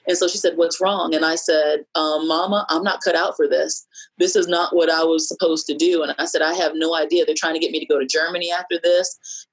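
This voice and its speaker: Low-voiced woman telling a personal story. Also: slightly rough, poor audio. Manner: reflective, measured, many fillers. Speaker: podcast guest sharing a personal story.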